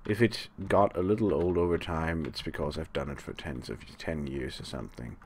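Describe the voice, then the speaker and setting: Deep, gravelly-voiced sarcastic man. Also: normal speed, a little hiss or hum. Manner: sarcastic, talks to the monsters; rambling, thinks aloud. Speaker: let's play host. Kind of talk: live gameplay commentary.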